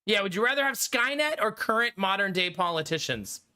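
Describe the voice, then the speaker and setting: Giggly animated male streamer. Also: sits high, brisk, smooth. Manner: giggly, joking, talks to chat. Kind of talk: casual live-stream chat.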